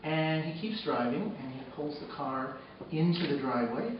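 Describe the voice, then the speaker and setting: A man with a fairly high voice tells a personal story on stage at an arts center, dropping to hushed, sombre tones and then rising to loud, excited retelling. He is picked up from far off in a very echoey hall, and the sound is dull with steady noise behind him. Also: moderate pace. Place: arts center stage before a live audience.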